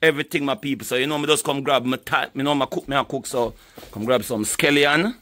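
A man's voice: mid-range voice, fast, fairly bright tone, roomy sound. A man with a Jamaican accent chatting casually to his viewers as he cooks and shows his food. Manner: chatty, keeps calling viewers "my people". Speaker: cooking vlogger. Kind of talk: casual cooking vlog.

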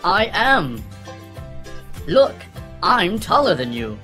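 A woman's voice: medium pitch, sing-song, slow pace, sharp tone, exaggerated voice. A woman voicing a boastful student arguing with a friend in a recorded textbook dialogue, with faint music behind.

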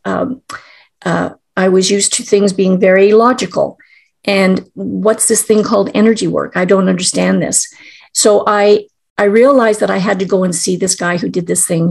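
A woman's voice: medium pitch, vocal fry, a little mellow, breathy edge. A middle-aged woman, a guest, telling a personal story in an earnest, emotional way, with restarts.

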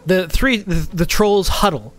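Lively male game master narrating. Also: high voice, a little slow. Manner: descriptive, with frequent restarts.

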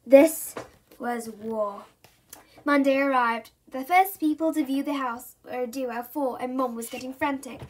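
A woman reading a children's chapter book aloud with expressive, playful narration. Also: high voice, a little slow. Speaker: reader.

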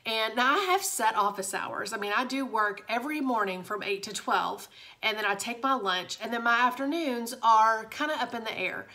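A young woman with a bright, forceful voice on the high side chats casually and confidingly with viewers. She's a direct sales director filming a motivational vlog from her home office.

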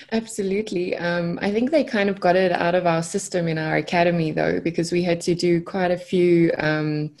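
A woman from South Africa with a South African accent, a coach speaking as a guest on a podcast, gentle and laughing softly. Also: on the low side, steady tone, normal speed. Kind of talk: casual podcast interview.

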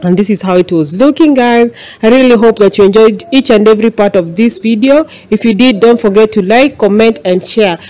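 A woman's voice: on the high side, fairly quick, hardly any pauses, mellow. A young woman with a Kenyan accent, chatting casually to camera as a stay-at-home mom vlogger, addressing her viewers as "guys".

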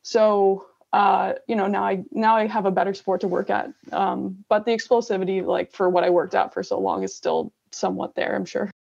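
Casting note: young female athlete, gravelly fry, relaxed and chatty, dull lo-fi recording. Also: medium pitch, moderate pace, hardly any pauses. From Canada. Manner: relaxed, many fillers like "like" and "you know". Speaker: interview guest, gravel cyclist. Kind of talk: casual interview chat. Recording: dull lo-fi sound.

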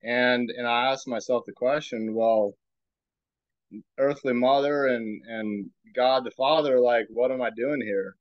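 A man hosting a podcast, giving a reflective spiritual talk in a slow, musing way and asking himself rhetorical questions. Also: medium pitch, steady tone, no echo, dull audio. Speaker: podcast host.

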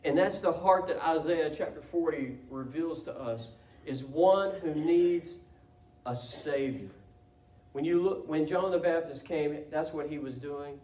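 High-voiced man preaching in an echoey church. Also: a little slow. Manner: impassioned preaching that swells into loud cries. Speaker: pastor. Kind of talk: sermon. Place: church sanctuary. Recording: echoey church room from a distance.

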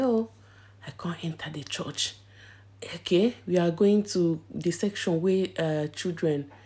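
A young woman with a Nigerian accent chatting excitedly in a vlog from inside a church, often dropping to a whisper. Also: fairly low pitch. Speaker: vlogger. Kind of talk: casual vlog chat.

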